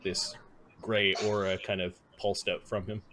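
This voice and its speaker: A man narrating as game master of a tabletop game, relaxed and chuckling, with many fillers. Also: low-pitched, measured pace, background noise.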